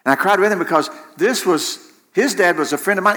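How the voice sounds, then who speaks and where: A man's voice: sits high, a little fast, sharp tone. A man preaching a sermon in an impassioned way, repeating phrases for emphasis. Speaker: pastor.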